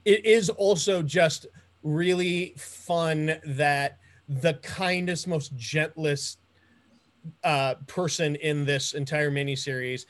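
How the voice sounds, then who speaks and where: A man's voice: on the high side, steady tone, takes it slowly. A man co-hosting a podcast, chatting casually with many fillers and restarts, sometimes mimicking characters. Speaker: podcast co-host. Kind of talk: casual chat.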